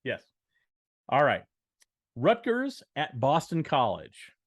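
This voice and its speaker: A man's voice: mid-range voice, wildly swooping pitch, takes it slowly, no echo. A man co-hosting a podcast, upbeat as he announces football picks, with dry asides. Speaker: podcast co-host. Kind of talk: casual sports-picks chat.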